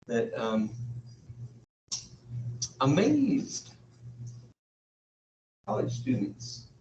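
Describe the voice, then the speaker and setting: A man giving a university classroom lecture, thinking aloud in a halting way with frequent pauses. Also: mid-range voice, darkish tone, a little hiss or hum. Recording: echoey, dull room sound from far off.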